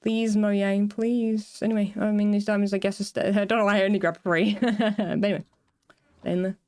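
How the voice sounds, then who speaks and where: A woman game streamer chats with her viewers while she builds, rambling from one half-finished thought to the next and laughing often. Her voice sits at an ordinary middle pitch. The sound is dry and close, with no room in it. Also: level tone, normal speed, a little mellow, dry recording. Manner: rambling, self-interrupting, laughs often, talks to chat. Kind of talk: casual livestream chat while building in a game.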